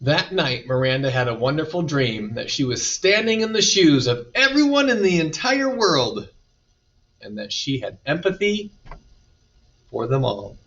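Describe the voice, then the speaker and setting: A man reading a children's picture book aloud with lively, expressive storytelling. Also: a little high, unhurried. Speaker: storybook reader. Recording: dull distant recording.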